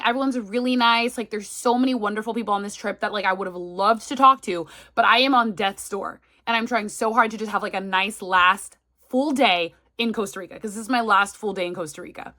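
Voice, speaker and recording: Bright-voiced woman vlogger in her thirties. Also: mid-range voice. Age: 30s. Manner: chatty, retelling with quoted asides. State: sick and feverish. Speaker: travel vlogger. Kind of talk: casual story time.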